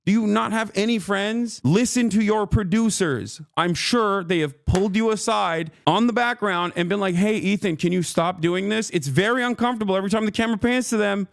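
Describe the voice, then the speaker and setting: A man's voice: high-pitched, fairly quick, creaky, few pauses, no echo, studio quality. A male streamer in a heated reaction rant, angry, swearing, and mocking.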